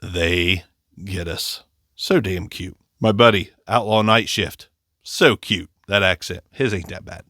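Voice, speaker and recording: Man, Appalachian accent, a bit nasal from allergies, low voice, chatty gear reviewer, dry close-miked room. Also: measured pace, a bit bright, no echo. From Ohio. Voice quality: slightly nasal. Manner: chatty, joking, self-deprecating. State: congested from allergies. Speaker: microphone reviewer. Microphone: close condenser microphone.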